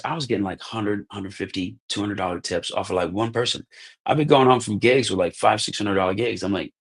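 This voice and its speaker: Low-voiced American man telling stories. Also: brisk, gravelly, breathy edge. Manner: animated, acts out quoted dialogue, says "like" and "bro" often. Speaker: podcast guest. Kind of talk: casual storytelling.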